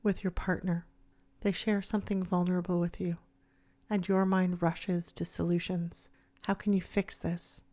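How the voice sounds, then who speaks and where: A woman host giving scripted reflective narration, soft, slow and soothing. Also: on the low side, level tone. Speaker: podcast host.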